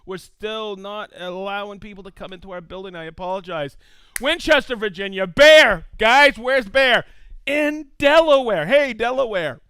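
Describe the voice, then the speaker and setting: High, lively excitable man hosting a live stream. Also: moderate pace, smooth, no room sound. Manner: excitable, reads out viewer shout-outs with whoops. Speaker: host of a live tool demo stream. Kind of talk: casual live-stream chat.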